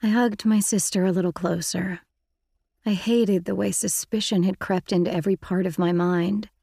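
A woman's voice: mid-range voice, fairly even intonation, moderate pace, gravelly, dark tone, breathy edge, dry recording, studio quality. A woman reading an audiobook in the first person, with intimate, reflective storytelling. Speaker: audiobook narrator.

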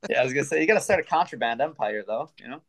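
A man's voice: medium pitch, lively intonation, very fast. A man joining a podcast as a guest, teasing and firing off joking questions. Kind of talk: casual chat.

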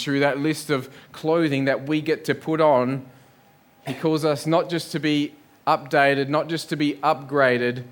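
Earnest man preaching a sermon. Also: on the high side. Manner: earnest preaching with rhetorical questions and lists. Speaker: pastor. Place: church building.

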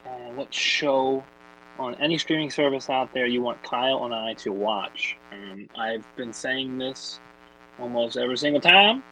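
A young man co-hosting a casual podcast, joking and chiming in with quick interjections. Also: mid-range voice, bright, forceful tone, slight background noise, poor audio. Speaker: podcast co-host.

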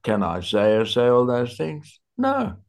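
Slow gravelly-voiced man teaching. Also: mid-range voice, wildly swooping pitch. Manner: slow, searching for words, many fillers. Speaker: Bible teacher. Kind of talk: conversational Bible study.

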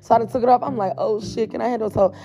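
A woman's voice: fairly high pitch, steady tone, racing, warm tone, soft background music. A woman telling a blunt, profane storytime straight to her viewers in a casual, chatty way.

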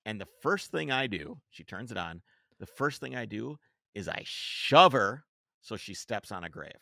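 A man in his thirties co-hosting a podcast, telling a story in a casual, animated way. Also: fairly low pitch, normal speed, gravelly, no echo, clean studio sound. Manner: animated storyteller, mimics voices in quotes. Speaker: podcast co-host.

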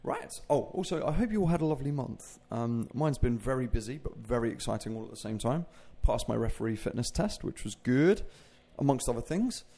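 His medium-pitched voice is mellow, with lively intonation and a slightly fast delivery that leaves hardly any pauses. This fitness coach hosts his own podcast, rambling casually through a solo chat full of self-mocking humor.

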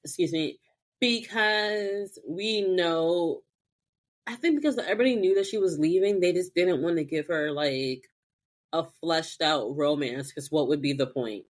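Woman, podcast co-host, casual chat, animated, swears freely. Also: fairly low pitch, unhurried. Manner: animated, profane, acts out characters. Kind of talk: casual chat recapping a TV episode.

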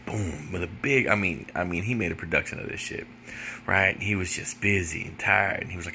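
A man's voice: deep voice, brisk, creaky, bright, forceful tone, slight background noise. A man telling a casual story in a blunt, profane way, often checking in with "right?". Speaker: storyteller giving jail advice.

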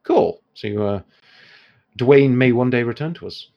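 A man narrating a tabletop game as game master, lively and laughing often, with many fillers. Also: medium pitch, measured pace, highs cut off.

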